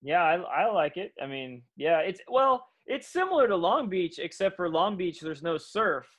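A man's voice: sits high, expressive, moderate pace. A man from California, guest actor and producer, chatting easygoing on a video call, swearing casually. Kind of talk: casual chat.

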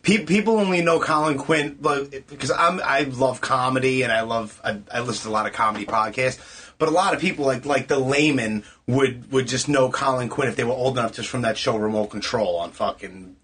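Husky New York man, forceful. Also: mid-range voice. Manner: blunt, profane, talks in quick broken restarts. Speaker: interviewer. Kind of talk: casual chat. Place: tattoo shop after hours.

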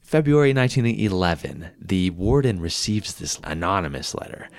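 A man's voice: sits low, animated, normal speed, dry recording. A man casually telling a history story as a podcast co-host, laughing often and reading old quotes aloud.

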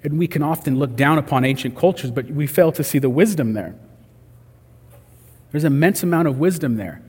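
A man's voice: a little high, expressive, brisk, a little mellow, breathy edge, long reverb tail. A man preaching a sermon in a conversational way, acting out the voices he quotes. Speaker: pastor.

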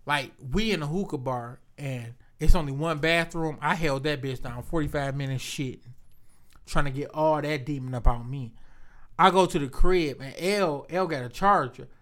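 Bright-voiced man telling rowdy stories. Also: fairly high pitch. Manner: animated, profane, laughs often. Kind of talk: casual storytelling chat.

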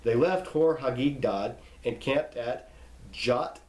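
Man, teacher, measured reading, spells out names, echoey room. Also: medium pitch, darkish tone. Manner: reads name lists slowly, pausing to spell out pronunciations. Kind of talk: instructional reading of scripture.

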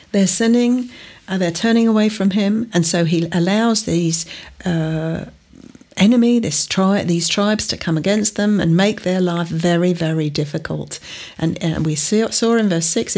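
A woman's voice: medium pitch, a little mellow. A woman preaching a sermon, teaching earnestly from scripture with emphatic rising stresses.

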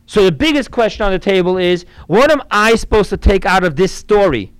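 A man's voice: high voice, animated, fairly quick, clear, resonant tone, no echo, poor audio. A man teaching a Torah class as a rabbi, explaining earnestly and weaving in Hebrew and Yiddish quotations.

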